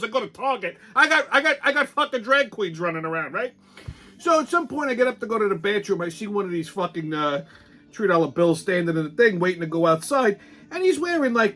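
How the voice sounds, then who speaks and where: A man hosting a comic, profane ranting monologue, telling stories in an animated way. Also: a little high. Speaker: host.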